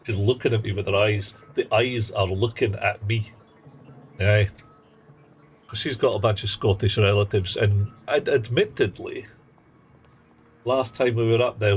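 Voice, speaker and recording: A man's voice: fairly low pitch, a little hiss or hum, rough recording. Wry man streaming a game. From England. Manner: rambling, wry, with playful asides. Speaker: livestreamer. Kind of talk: casual gaming commentary.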